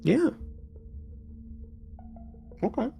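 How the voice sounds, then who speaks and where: A man running a tabletop role-playing game as game master, explaining things at length with relaxed restarts. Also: very slow, faint music behind.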